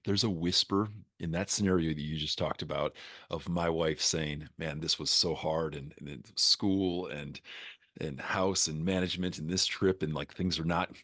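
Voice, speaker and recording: A male podcast host talks in a quiet, reflective way. His voice is very low. The recording is dry, with no room echo. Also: normal speed. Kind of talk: casual chat.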